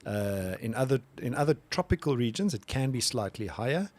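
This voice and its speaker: A man's voice: medium pitch, sing-song, a little fast, a little mellow. A man co-hosting a casual podcast, chiming in and reading out answers. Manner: short interjections and reactions. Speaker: podcast co-host.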